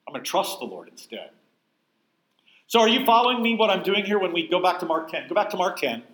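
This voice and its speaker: A man's voice: high-pitched, sing-song, fast, a bit bright, roomy sound, poor audio. A man teaching a Bible class in a conversational, emphatic way, often putting questions to his listeners. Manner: emphatic, asks the room questions.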